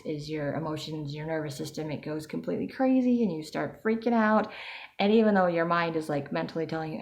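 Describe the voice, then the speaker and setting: A woman's voice: sits low, quick pace. A woman talking through her anxiety in a chatty personal video diary. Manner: anxious, chatty, self-reassuring. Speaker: vlogger.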